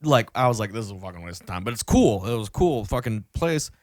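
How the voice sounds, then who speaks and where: A man's voice: fairly low pitch, very animated, fast, a little mellow, dry recording, clean studio sound. A young man hosting a podcast, telling a rambling, profane story full of fillers. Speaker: podcast host. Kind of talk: casual chat.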